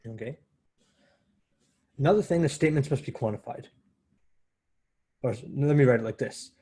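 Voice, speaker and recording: A man's voice: mid-range voice, moderate pace, warm tone, husky. A man giving a university math lecture in a conversational way, often correcting himself as he explains step by step.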